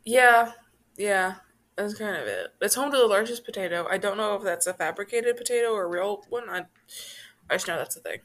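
A woman's voice: mid-range voice, a little fast, a bit bright. Hesitant chatty woman podcaster. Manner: hesitant, full of "um" and "like". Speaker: podcast co-host. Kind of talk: casual chat.

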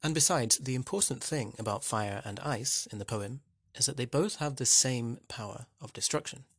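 A man's voice: mid-range voice, moderate pace, fairly bright tone, slightly rough, no room sound, studio quality. A man teaching literature in a wry, conversational way, posing questions to the listener as he explains a poem. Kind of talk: explanatory lesson narration.

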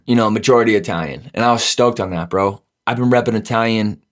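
A man's voice: on the low side, fast talker. A young man chatting on a podcast, loose and profane. He tells stories in a joking way. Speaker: podcast co-host. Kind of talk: casual chat.

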